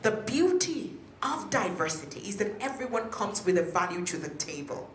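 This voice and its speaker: A woman's voice: mid-range voice, very animated, moderate pace, slight background noise. A woman giving a speech to an audience at a peace event, engaging them with questions. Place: hotel function room. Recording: echoey room.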